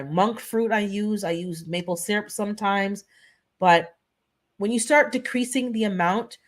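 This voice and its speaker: A woman of Jamaican descent hosts a casual live-stream chat. Her delivery is earnest and pleading, and she repeats herself to drive points home. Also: mid-range voice. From Caribbean, of Jamaican descent. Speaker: host of a live wellness chat.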